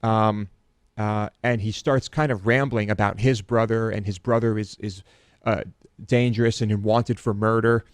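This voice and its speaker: A man's voice: on the low side, a little slow, no room sound. A man who is a show regular, telling an anecdote in casual chat with lots of restarts. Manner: rambling, animated storytelling with many restarts.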